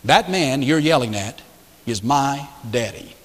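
A man playing a small girl who defends her reformed father, in a story within his sermon, speaking softly, earnestly and with quiet firmness. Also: medium pitch, animated, unhurried. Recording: echoey large hall.

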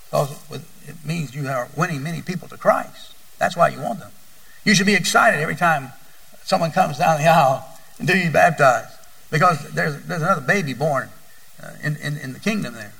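An older man preaches to his congregation in a bright, gravelly voice, slightly high for a man. He tells folksy stories and keeps repeating his words as he goes. He sounds a little distant from the mic in the church. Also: animated, fairly quick. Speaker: pastor. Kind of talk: sermon.

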